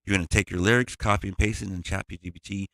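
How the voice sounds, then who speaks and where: Music producer type, low gravelly voice, relaxed digressive tutorial delivery. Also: male voice, fast talker, no room sound. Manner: loose, digressive explaining. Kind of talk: casual tutorial walkthrough.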